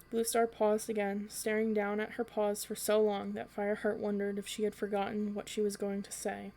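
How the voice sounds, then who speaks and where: Woman reading a bedtime story in a flat voice. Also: mid-range voice, normal speed, hardly any pauses. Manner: even, occasional slips and restarts. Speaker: storytelling podcast reader.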